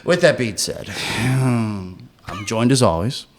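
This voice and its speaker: A man's voice: mid-range voice, animated, slow pace. A man hosting a casual movie discussion podcast, joking and theatrical as he leads it. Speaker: podcast host.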